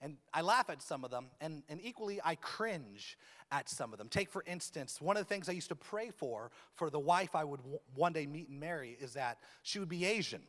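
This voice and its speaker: A man's voice: fairly high pitch, lively intonation, brisk, fairly bright tone. A man in his thirties, a pastor, preaching a sermon in a church with a humorous, self-deprecating manner. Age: 30s. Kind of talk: sermon with opening prayer. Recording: long reverb of a large church hall.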